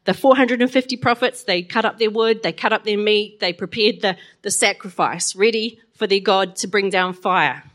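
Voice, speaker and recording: A woman retells a Bible story in a lively, chatty way, often stopping to ask her listeners questions. Her voice sits at an ordinary middle pitch, and she keeps the telling playful and conversational. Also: normal speed, hardly any pauses. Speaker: Bible lesson teacher.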